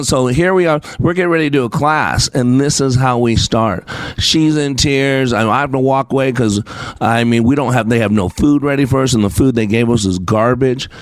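A man in the middle pitch range hosts a talk show and tells stories in a loose, digressive way, restarting sentences and filling pauses. He sounds close and dry, with no room around him. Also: no echo. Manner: rambling and anecdotal with frequent fillers and restarts. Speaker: show host and customer service teacher. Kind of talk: casual spoken monologue with scripture.

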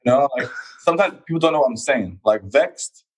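A young man with a London accent chatting casually, relaxed and laughing easily, often acting out little quoted lines. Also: mid-range voice, a little fast, slightly rough, poor audio. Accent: London English. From England. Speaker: fencer, guest. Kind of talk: casual chat.

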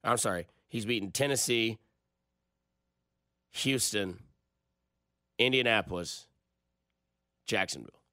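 A man's voice: fairly low pitch, slow, pauses often, pushed and bright, dry recording. Chatty male sports radio host, dry sound. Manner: casual, chatty, jokey. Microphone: close studio mic.

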